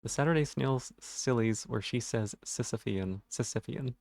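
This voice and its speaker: Male game streamer, stutters on some words, rambling and self-deprecating, middle-pitched voice. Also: normal speed, gravelly, a little mellow, dry recording. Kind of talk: casual live-stream chat.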